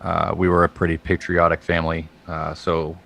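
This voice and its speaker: A man with a very low voice and a gravelly edge, speaking as a guest over a video call. He talks in a dry, matter-of-fact way, with plenty of small fillers between thoughts. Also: monotone, normal speed, fairly bright tone. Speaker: podcast guest, trainer. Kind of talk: casual chat.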